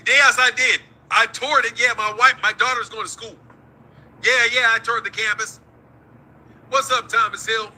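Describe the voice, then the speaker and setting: Man, husky, high-pitched, combative, swearing. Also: pushed and bright, low-quality recording. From United States. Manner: profane, heated, combative. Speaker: boxing talk show host. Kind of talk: livestream rant.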